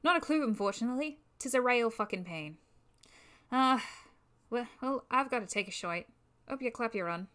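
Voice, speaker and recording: A woman's voice: a little high, expressive, a bit bright. A woman putting on a hearty Irish lumberjack. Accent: attempted Irish. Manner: slow, stumbling brogue. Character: hulking half-Irish male lumberjack, hearty. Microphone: new microphone.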